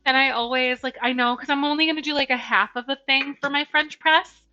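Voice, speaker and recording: This woman streams on Twitch from her home kitchen, baking, chatting casually and bubbly greetings to viewers by name. She speaks fairly quickly in a high-pitched voice that is steady, pushed and bright. Faint music sits under the slightly dull lo-fi stream sound.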